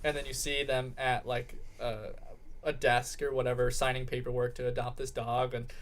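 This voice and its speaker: A man's voice: mid-range voice, flat delivery, moderate pace. A young man on a podcast telling a story in a rambling way with lots of fillers. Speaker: podcast co-host. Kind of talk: casual podcast chat.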